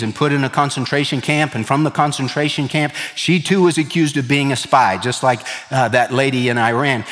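A male pastor preaching a sermon slowly and emphatically, dropping low on key words. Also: fairly bright tone, in a large hall.

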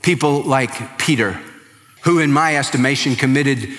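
A man preaching a sermon as pastor, impassioned, swinging from quiet pleading to raised emphasis. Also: mid-range voice, normal speed, big-room sound.

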